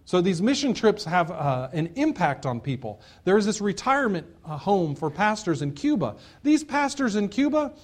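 A pastor preaching from the pulpit in a slightly high, clear male voice. He drives each point home with emphatic repetition. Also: sing-song, moderate pace, few pauses. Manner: earnest preaching with repeated emphatic phrases. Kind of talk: sermon.

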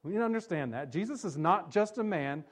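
A pastor preaching a sermon, emphatic, slowing down on key phrases and dropping low and soft when he quotes scripture. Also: animated.

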